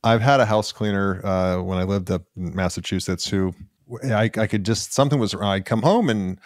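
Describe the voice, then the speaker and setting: A man's voice: fairly low pitch, moderate pace, no room sound, clean studio sound. A man hosting a podcast interview, eager and given to repeating his phrases for emphasis. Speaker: podcast host.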